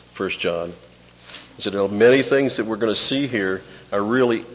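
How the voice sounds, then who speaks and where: A man preaching an expository sermon, teaching conversationally and dropping to quiet asides between points. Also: fairly low pitch. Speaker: pastor. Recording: lo-fi with long hall reverb.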